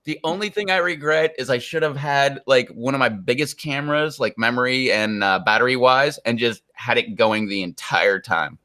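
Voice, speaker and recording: A man's voice: mid-range voice, moderate pace, hardly any pauses, bright, forceful tone. A man streaming and chatting casually with friends, laid-back and rambling. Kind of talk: casual chat on a live stream.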